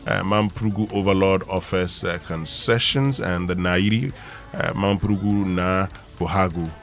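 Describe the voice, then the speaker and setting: A Ghanaian man hosts a morning radio show in the studio. His voice sits low, and his talk is easygoing and full of fillers, with faint music beneath. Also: fairly even intonation, measured pace. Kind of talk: radio talk and newspaper review.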